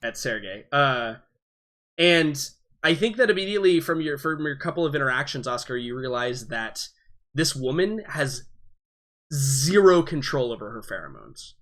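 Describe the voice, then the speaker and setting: Bright-voiced man running a tabletop game. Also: medium pitch, big pitch swings, moderate pace. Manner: explanatory, many fillers. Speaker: game master.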